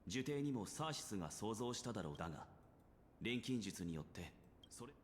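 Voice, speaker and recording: An actor voicing a scholarly male alchemist in a game, measured and explanatory. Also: fairly low pitch, very animated, in a large hall, slight background noise. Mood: explaining. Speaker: game character. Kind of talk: Japanese game voice acting.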